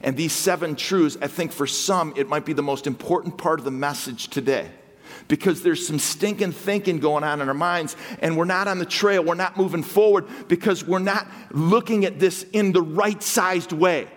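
A man preaching a sermon as a guest pastor, shifting between loud, emphatic lines and low, intimate asides. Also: moderate pace. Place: church sanctuary. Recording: long hall reverb.

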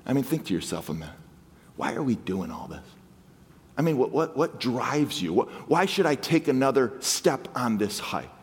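A man preaching a sermon as a guest pastor, shifting between loud, emphatic lines and low, intimate asides. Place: church sanctuary. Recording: long hall reverb.

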